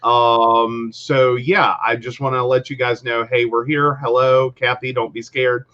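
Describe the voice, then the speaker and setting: A man's voice: mid-range voice, flat delivery, unhurried, sharp tone, highs cut off. A man co-hosting a casual livestream, chatty and friendly as he greets viewers. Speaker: co-host.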